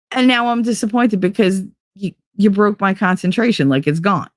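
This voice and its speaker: A middle-aged woman hosting a live show, chatting casually in a blunt, profane, animated way. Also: mid-range voice, normal speed, no room sound, studio quality. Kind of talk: casual chat on a live stream.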